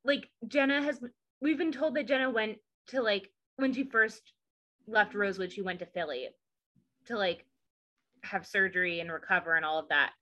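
A woman co-hosting a podcast, recapping a TV episode in casual chat with sarcastic jokes and quick asides. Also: medium pitch, pushed and bright. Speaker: podcast co-host.

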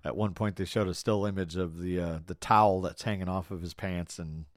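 Podcast man, casual football talk, dry close sound, animated and swearing. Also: deep voice, brisk, no room sound. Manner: animated, swears, quotes movie lines. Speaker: podcast co-host. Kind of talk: casual sports chat.

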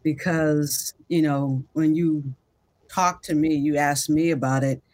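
A woman's voice: sits low, steady tone, a little mellow. Reflective mother speaking on a podcast. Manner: reflective, measured recollection. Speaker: guest, mother. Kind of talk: podcast interview.

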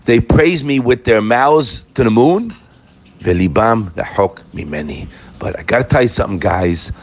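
Animated man giving a Torah lecture. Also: medium pitch, normal speed, slight background noise. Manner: animated, rhetorical questions, quotes Hebrew verses. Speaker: Torah teacher.

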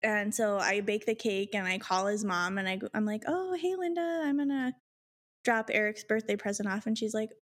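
A woman telling a personal story in casual chat, acting out quotes in higher voices and swearing freely. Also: flat delivery, fairly quick, few pauses, a bit bright.

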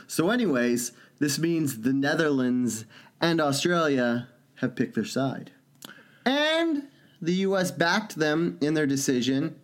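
A man co-hosts a podcast in loose, joking banter. He swears freely and keeps the talk animated. His voice sits a little higher than most men's. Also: measured pace. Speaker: podcast co-host.

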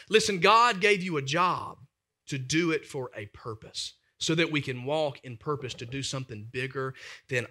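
A man in his thirties, a pastor preaching an animated, emphatic sermon full of family stories. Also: high-pitched.

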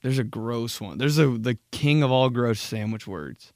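Young dude ranting on his podcast, swears a ton, super animated, dry close sound. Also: medium pitch, unhurried, dry recording. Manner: crude, animated, swears a lot. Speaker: podcast host. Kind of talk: casual solo podcast rant.

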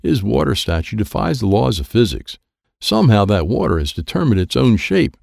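A man's voice: on the low side, very animated, normal speed, creaky, a little mellow, dry recording, clean studio sound, full character voice. A man voicing a clever, studious girl in a children's audiobook, explaining a puzzle carefully. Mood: amazed.

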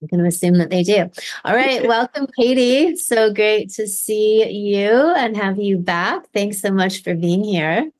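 A woman hosting a live online event, leading a slow guided visualization and then chatting upbeat with a guest over video call. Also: mid-range voice. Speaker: host.

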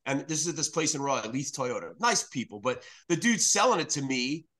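A man's voice: medium pitch, animated, fairly quick, sharp tone. A man from New York City, a guest on a podcast, talking bluntly and animatedly about politics, with plenty of swearing. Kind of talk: casual political chat.

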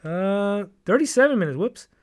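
A man's voice: high voice, expressive, moderate pace, smooth. A young man hosting a podcast, telling a long rambling, profane story in casual chat. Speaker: podcast host.

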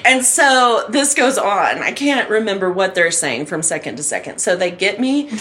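Lively woman telling a funny story. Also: mid-range voice, normal speed. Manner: animated, acts out quotes, laughs often. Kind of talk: casual comedic storytelling.

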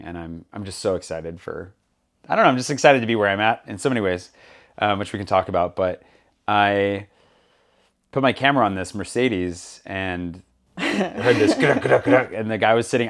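A man hosting a casual podcast chat, an animated storyteller who acts out the people he quotes. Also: fairly low pitch. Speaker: podcast host. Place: Paris.

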